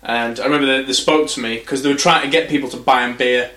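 A man's voice: mid-range voice, steady tone, fast talker, sharp tone, roomy sound. A man hosting a podcast, talking casually, rambling through anecdotes and swearing freely. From England. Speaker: podcast host. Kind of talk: casual chat.

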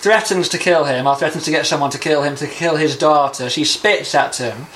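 Mock-indignant man, podcast co-host, rambling with restarts, slightly high voice. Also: brisk, a bit bright, slight background noise. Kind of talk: casual banter.

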